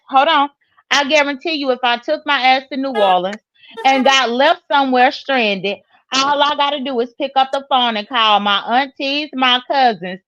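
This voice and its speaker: A woman's voice: high-pitched, fairly bright tone, dry recording, dull audio. A woman from South Mississippi, blunt and dismissive, speaking on a live stream panel.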